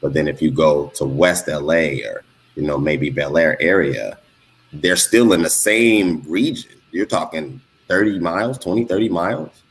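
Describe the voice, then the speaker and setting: A man's voice: a bass voice, moderate pace. A man from Los Angeles in a casual panel discussion, asking questions hesitantly with many fillers. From Los Angeles, USA.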